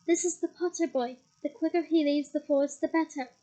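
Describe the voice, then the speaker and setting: Woman doing a noble young male centaur from a storybook, grave and earnest, high and mellow. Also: steady tone, a little fast, natural voice, low-quality recording.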